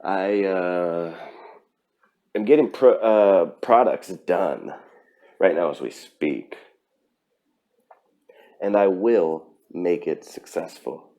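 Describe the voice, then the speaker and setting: A man with a low, deep voice talks alone on his own podcast. He speaks earnestly and with emphasis, often pausing on fillers and restarting his sentences as he pushes his point. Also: dark tone. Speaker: podcast host. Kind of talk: solo motivational podcast talk.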